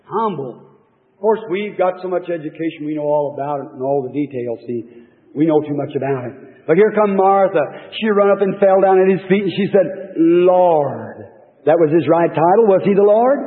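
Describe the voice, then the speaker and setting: Fervent preacher, high voice, hall echo. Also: male voice, unhurried. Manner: fervent, rising and falling storytelling, folksy speech. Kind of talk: sermon. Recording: tinny lo-fi old sermon tape, reverberant hall.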